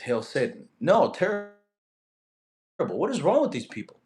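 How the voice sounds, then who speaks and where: A young man from Russia, a fitness streamer reading live chat, animated and quick to get annoyed at spammers. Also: fairly high pitch. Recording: echoey room.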